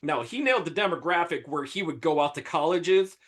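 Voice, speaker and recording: A man's voice: fairly high pitch, animated, a little fast, a bit bright. A man co-hosting a podcast in casual political chat, hesitant and searching for his words.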